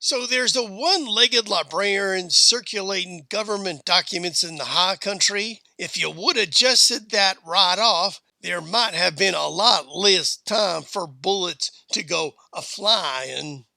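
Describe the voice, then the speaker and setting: A man voicing a tough frontier woman gunslinger with quiet authority, speaking in a dry western drawl. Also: sits high, unhurried, vocal fry, hardly any pauses, no room sound, voice pushed up, heavily acted.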